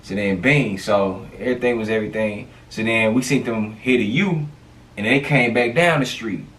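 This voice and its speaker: A man telling a street story in a casual, animated storytime monologue, full of slang and fillers. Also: fairly low pitch, moderate pace, recorded from a distance, a little hiss or hum.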